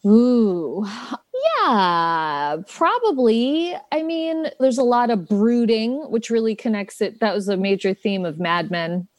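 A woman's voice: medium pitch, animated, takes it slowly, dry recording. A woman actress chatting as an interview guest, playful and laughing often. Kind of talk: casual interview chat.

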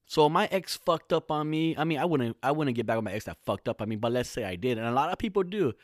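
A man's voice: mid-range voice, lively intonation, fast, no room sound. Guy in his 30s from california rambling and cussing on his podcast, super dry close mic. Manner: rambling, profane, slangy. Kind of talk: casual monologue.

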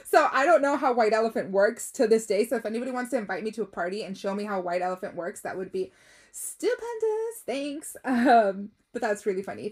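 A young adult woman hosting a casual podcast, reading listener stories aloud and reacting in an expressive, gushing way, swearing freely and slipping in Spanish words. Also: a little high, husky. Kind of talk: casual chat.

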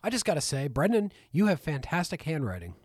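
A man's voice: fairly high pitch, sing-song, fairly quick, no room sound, clean studio sound. A man co-hosting a casual film podcast, joking and rambling with frequent swearing. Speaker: podcast co-host.

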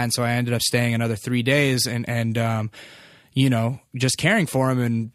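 A man's voice: medium pitch, little pitch movement, a little fast, fairly bright tone, no room sound, studio quality. A man in his thirties telling a personal family story in a loose, candid, filler-heavy way, swearing freely. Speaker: vlogger.

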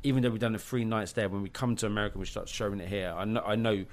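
A man's voice: on the low side, fairly even intonation, racing. A man, a documentary director, telling stories on a podcast in an emphatic way, swearing and restarting sentences. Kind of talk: animated podcast storytelling.

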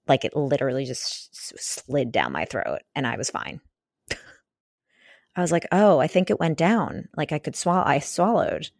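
A woman in her thirties hosts her podcast solo, talking in a casual, rambling way full of fillers and restarts. Her voice sits low for a woman, and the sound is dry and close with no room around it. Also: big pitch swings, a little slow, gravelly, no room sound. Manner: chatty storytelling with many fillers and restarts. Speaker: podcast host.

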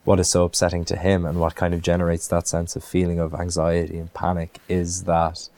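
Man from ireland, actor, very low voice, mellow, thoughtful, restarts often. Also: monotone, fairly quick. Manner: thoughtful, many restarts and fillers. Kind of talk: interview answers.

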